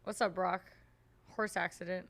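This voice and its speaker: A woman's voice: lowish voice, steady tone, moderate pace, a bit bright. A woman streamer talking casually to her viewers with wry, exasperated asides.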